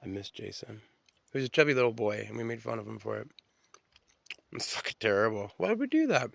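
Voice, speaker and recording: A man's voice: fairly low pitch, very animated, brisk, creaky, no room sound. A man telling stories in a rambling, profane, stream-of-consciousness solo monologue, often restarting his sentences.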